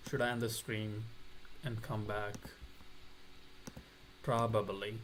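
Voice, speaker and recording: Guy on a livestream talking slow to himself, swearing, says stuff over and over, faint room hum behind. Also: fairly low pitch, level tone, low-quality recording. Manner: mutters and swears to himself, repeats phrases. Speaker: streamer. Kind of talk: casual livestream chat.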